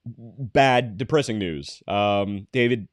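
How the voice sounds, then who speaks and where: A man co-hosting a podcast, joking around in casual banter with deadpan mock-serious news. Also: lowish voice, slow, dry recording, clean studio sound. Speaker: podcast co-host.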